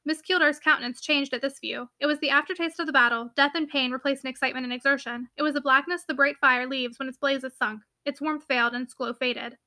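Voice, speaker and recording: A woman narrates a classic novel at a brisk clip, her voice high and bright. In the dialogue she drops to soft, hushed tones that lift expressively. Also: steady tone. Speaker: audiobook reader.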